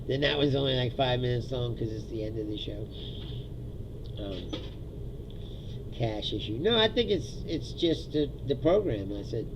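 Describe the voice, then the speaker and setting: Gravelly, sardonic man ranting on a livestream. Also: mid-range voice, background noise. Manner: sardonic, laughs often, profane. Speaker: livestream host. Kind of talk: casual solo livestream rant. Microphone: streaming setup mic.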